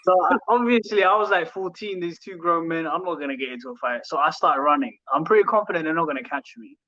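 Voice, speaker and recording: Young man, relaxed slangy storyteller, high voice, dull muffled recording. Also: fast. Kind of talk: casual chat.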